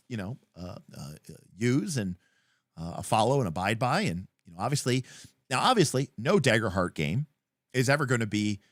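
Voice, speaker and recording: A man co-hosts a casual livestream about tabletop games, wandering through his points with plenty of fillers. His voice sits at an ordinary pitch but rises and falls a lot as he gets excited and jumps into quick voices for the scenes he describes. The sound is dry and close, with no room echo. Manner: rambling with many fillers. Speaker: livestream co-host.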